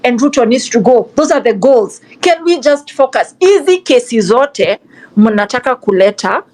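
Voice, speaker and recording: Her fairly high, animated voice has a slightly mellow quality, moving at normal speed despite poor audio. This young Kenyan woman speaks with passion in an online discussion, repeating herself and mixing in Swahili during an impassioned live audio conversation.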